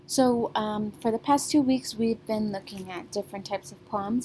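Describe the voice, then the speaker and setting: A woman's voice: fairly high pitch, steady tone, normal speed, few pauses, mellow, slight background noise. A young woman teacher giving a recorded reading lesson to her class, in a patient, sing-song classroom manner with frequent check-ins.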